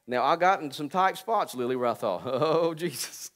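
A pastor in his forties preaching a sermon. He jokes with the congregation and calls out to them, swinging between quiet, low asides and loud, high preaching. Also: expressive, brisk. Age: 40s. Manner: joking and calling out to the congregation.

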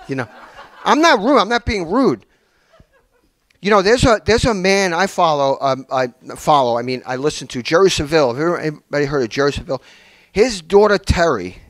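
Male preacher, animated storyteller, higher voice with swooping pitch, dry close sound. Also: no room sound. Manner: animated storytelling with many restarts. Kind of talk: sermon. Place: small church hall.

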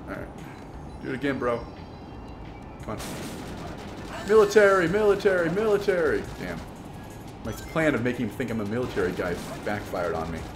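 Animated young man joking through a game. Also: lowish voice, a little fast, pauses often, reverberant. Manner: joking, talks to game characters. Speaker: gameplay commentator. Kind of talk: casual let's-play banter. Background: game music.

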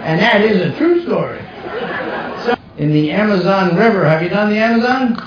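Brash middle-aged comic. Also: male voice, sits high, expressive, normal speed, crowd noise. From New Jersey. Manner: brash storytelling with punchy asides. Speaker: stand-up comedian. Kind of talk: stand-up comedy set. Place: comedy stage before a live audience. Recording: echoey, distant, muffled live room.

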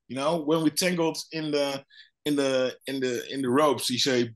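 A man's voice: medium pitch, normal speed. A man, a guest former fighter, telling a story in casual chat with many restarts and acted-out quotes. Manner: animated, acts out other people's lines.

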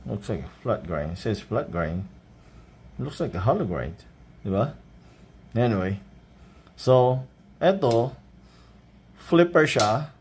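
A man's voice: medium pitch, very animated, slow pace, pauses often, darkish tone, a little hiss or hum. A man with a Filipino accent unboxing and reviewing a knife, thinking aloud and correcting himself as he goes. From Philippines. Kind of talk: casual unboxing vlog.

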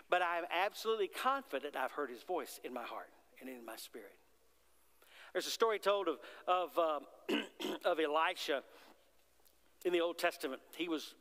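A pastor's sermon comes through in a high, light, fairly bright male voice, carried by the lingering reverb of a big church sanctuary. He keeps things conversational, often turning questions to the congregation.

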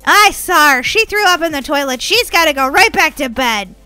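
A woman hosting a family role-play game video, bratty, teasing and quick to shout. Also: extremely high pitch, lively intonation, soft background music. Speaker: gaming channel host playing Molly.

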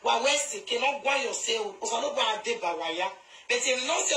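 High, sharp-voiced woman ranting in Pidgin. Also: animated, fairly quick, reverberant, rough recording. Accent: Nigerian Pidgin English. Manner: confrontational, scolding, emphatic repetition. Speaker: social media commentator. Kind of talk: live video rant to viewers.

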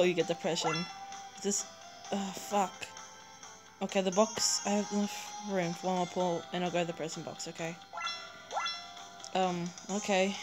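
A woman giving a live, excitable reaction commentary while pulling cards in a mobile game, gushing and laughing. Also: on the low side. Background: game music.

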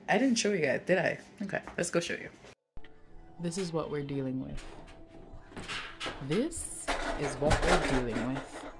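Low-voiced Jamaican woman vlogging. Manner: chatty, storytelling, talks to her toddler in between. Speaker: lifestyle vlogger. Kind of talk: casual chat to camera. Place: car, outdoors in the cold and at home. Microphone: phone front camera.

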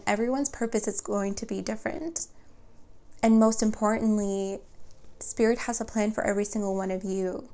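A woman's voice: medium pitch, a little mellow. A woman giving a spoken tarot reading, chatty and earnest as she talks straight to her viewers. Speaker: tarot reader.

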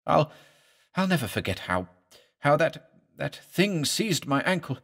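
A man's voice: a little high, very animated, vocal fry, a bit bright, voice pushed up, heavily acted. A man voicing a terrified, stammering nurse. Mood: frightened. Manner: fearful, halting, stammering pleas. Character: terrified woman surgical nurse, trembling.

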